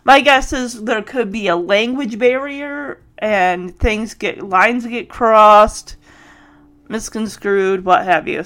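A woman hosts a casual solo podcast, thinking aloud and restarting often while sounding tired and yawning. Her voice is a little high with a fairly bright tone.

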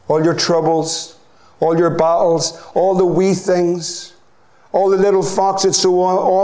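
High-voiced Northern Irish pastor preaching. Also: male voice, a little mellow. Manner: rising to impassioned repeated appeals. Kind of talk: sermon.

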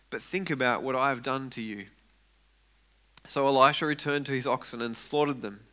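A man preaching a sermon, retelling a story with lively acted-out quotes and frequent repeated words. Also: mid-range voice. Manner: animated, acts out quoted voices, repeats words when excited.

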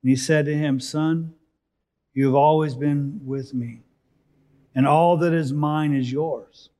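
A man delivering a sermon at a slow, deliberate pace, his voice sitting a little high for a man. He reads scripture and explains it, lifting his voice for emphasis and then letting it fall quiet. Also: steady tone. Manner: expository, rising for emphasis then dropping softly. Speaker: preacher.

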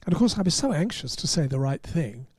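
A man, a podcast host and motoring journalist, telling an anecdote in an animated way and chuckling at his own punchlines. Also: fairly high pitch, fast, slightly rough, no room sound, studio quality. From England. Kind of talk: anecdotal storytelling.

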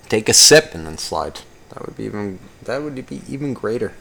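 A man's voice: expressive, fairly quick, gravelly, a bit bright. Profane rambling young man ranting. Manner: profane, rambling, jumps into mocking high-pitched impressions. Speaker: vlogger. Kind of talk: casual rant to camera.

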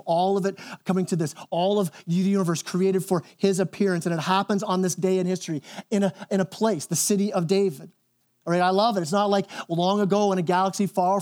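A man preaching a church sermon, animated, then dropping to a hushed, intense tone. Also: high-pitched. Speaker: pastor.

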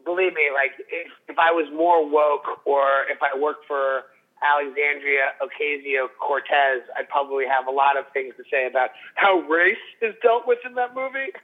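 A man's voice: a little high, moderate pace. A middle-aged man and father co-hosting a podcast, chatting casually in a rambling, self-interrupting, profane way. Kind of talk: casual comedic chat. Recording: tinny phone-line audio.

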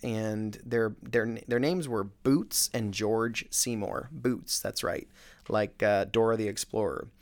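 A middle-aged man, a real estate agent, telling a story in a casual, animated, self-mocking way. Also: lowish voice, slow pace. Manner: animated, self-mocking, with many fillers and restarts.

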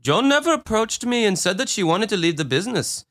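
A man putting on an accent to read out the quotes of a shady businessman, fast and theatrical. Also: big pitch swings, fairly bright tone. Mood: defensive. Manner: fast, high, theatrical quoting voice.

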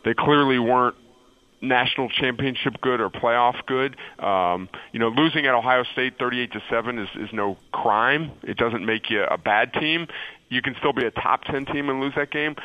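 A man's voice: medium pitch, dry recording. Man, football analyst, hesitant restarts, confident calls, dull radio audio. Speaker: college football analyst guest.

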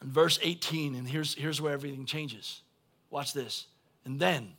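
A man, preaching a sermon as pastor and swinging between quiet asides and loud shouted calls. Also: fairly high pitch, normal speed. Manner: blunt, folksy preaching.

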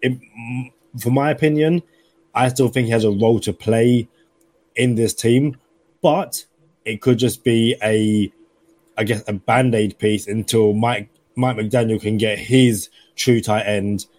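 A man's voice: medium pitch, fairly even intonation, a little slow, a little mellow, no echo. A man with a London accent, co-hosting a sports podcast and thinking aloud with lots of "you know" fillers. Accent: London English. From London, England. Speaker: podcast co-host. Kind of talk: casual sports podcast chat.

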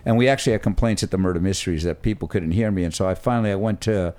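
A man's voice: low-pitched, very fast, darkish tone. A man telling a story animatedly while chatting as a guest on a podcast recorded at home. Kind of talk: casual chat.

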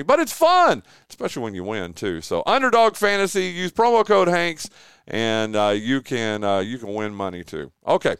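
A man's voice: medium pitch, wildly swooping pitch, normal speed, fairly bright tone, smooth, no room sound, studio quality. A man hosting a local sports radio show, chatting casually and rambling through sponsor reads with lots of fillers. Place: radio studio. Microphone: close studio mic.

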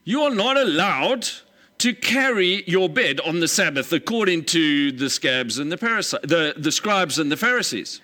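A male pastor delivering a sermon with a bright, ringing tone, pitched a little high. He preaches emphatically and acts out the scenes he retells. His pace speeds up and slows down as he presses each point. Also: very animated.

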